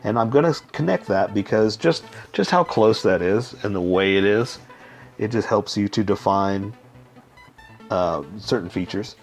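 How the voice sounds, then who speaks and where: Hosting a casual drawing tutorial, a man with a lowish voice calmly walks through a drawing step by step as he works. He's loose and unhurried, checking in often with "okay?", while soft music plays faintly in the background.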